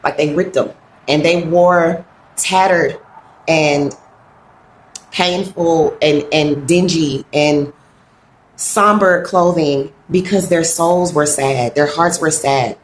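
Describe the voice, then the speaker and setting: A woman with a lowish voice gives an earnest wellness talk, heartfelt and halting as she fights back tears. Her voice rings around a roomy, echoey space with faint ambient noise behind. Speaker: wellness coach.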